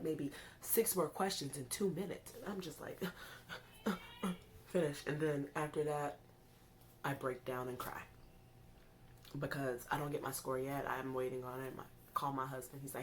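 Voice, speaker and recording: Low-voiced woman telling a storytime vlog. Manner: animated storytelling, acting out her own panicked quotes. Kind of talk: casual storytime.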